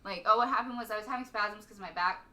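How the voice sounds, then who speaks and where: A woman from Texas, a stand-up comic, chatting as a podcast guest in a rambling way, full of "like" and quick laughs. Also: medium pitch, bright, forceful tone, distant mic. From Stephenville, Texas. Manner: rambling, heavy use of "like", laughs often. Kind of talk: casual podcast chat.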